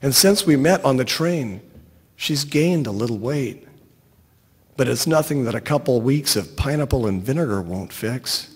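A man reading a short story aloud in a wry, deadpan storytelling voice. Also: mid-range voice, moderate pace, husky, in a large hall. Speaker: narrator.

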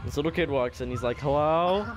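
A man's voice: a little high, very noisy. Giggly young man telling a story. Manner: rambling, giggling storyteller who breaks into laughter. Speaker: channel host and gamer. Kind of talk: casual gaming chat and storytelling.

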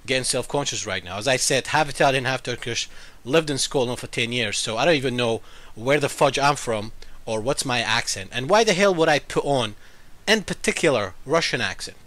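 A gaming YouTuber gives casual game commentary to his viewers in a medium-pitched, expressive, slightly bright voice at a brisk pace. His unusual mixed accent draws comments from viewers, and he's talkative, explaining things at length and defending himself.

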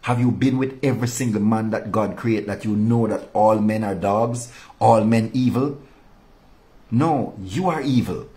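A man preaches a devotional sermon in a fairly low-pitched voice. He rebukes his listeners with passion, then sinks into quiet, weighty phrases for emphasis. His delivery is earnest and direct. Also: steady tone, normal speed, few pauses. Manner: impassioned, rebuking, drops low and soft for emphasis. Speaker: pastor.

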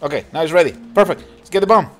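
A man hosting a gaming channel, chatting excitedly and laughing as he comments on a mobile cooking game. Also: a little high, very fast. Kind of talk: casual gameplay commentary. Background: game music.

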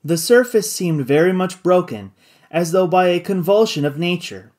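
Expressive, dramatic audiobook narrator. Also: mid-range voice, normal speed. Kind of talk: scripted narration of a classic novel.

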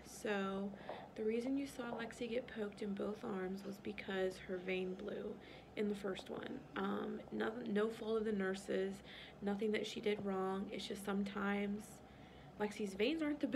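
Woman, vlog mom, soothing and repetitive, gravelly edge, noisy clinic room. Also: mid-range voice. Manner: soothing, coaching breaths, repeating herself. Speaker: parent vlogger. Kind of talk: vlog chat and soothing a child.

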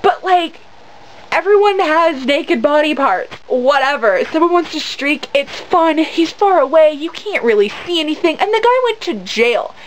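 A woman with a high voice vlogs to camera. She tells her story in a rambling way, with lots of fillers and an indignant edge. A faint hiss runs under the recording. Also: animated, normal speed, poor audio. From United States. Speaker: vlogger. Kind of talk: casual storytelling rant to camera.

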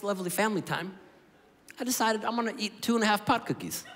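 A man in his thirties doing a stand-up comedy routine, telling a profane, animated story with acted-out dialogue. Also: sits high. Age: 30s. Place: comedy club stage with audience. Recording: live club with long reverb, audience noise.

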